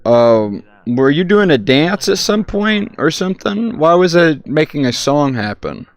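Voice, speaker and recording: A man streaming a social VR game, talking in a profane, teasing and excitable way over a headset mic. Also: a little high, a little slow. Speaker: VRChat streamer. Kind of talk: casual game chat.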